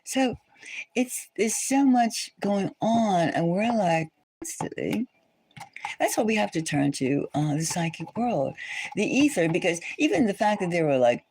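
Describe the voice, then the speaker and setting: A woman's voice: lowish voice, big pitch swings, measured pace, darkish tone, slight background noise. A woman hosting a livestream chat, talking in a rambling, indignant way with many restarts, fillers and rhetorical questions. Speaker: tarot channel host.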